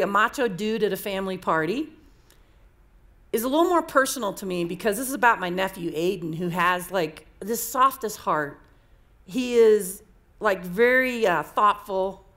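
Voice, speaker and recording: A woman's voice: mid-range voice, lively intonation, normal speed, fairly bright tone. Candid woman telling coaching stories. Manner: candid, conversational, repeats herself. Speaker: coaching speaker. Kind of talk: storytelling talk to an audience.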